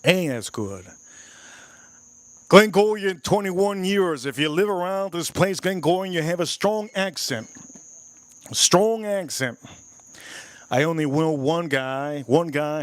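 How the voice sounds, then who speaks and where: A man's voice: fairly high pitch, no room sound. A man hosting a casual live stream, tasting whiskey and joking with his chat in a playful, repetitive way. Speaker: livestream host reviewing whiskey.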